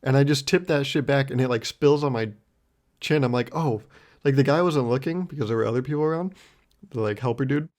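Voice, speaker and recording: A man's voice: mid-range voice, quick pace, a little mellow. A man in his twenties hosting a solo podcast, telling a rambling story in a self-mocking way, laughing often and swearing freely. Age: 20s. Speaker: podcast host.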